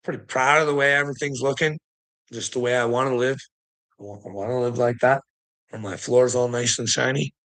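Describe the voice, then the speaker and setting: A man's voice: medium pitch, steady tone, brisk, fairly bright tone, poor audio. A man streamer giving a rambling, profane, exasperated rant to his viewers in a casual livestream.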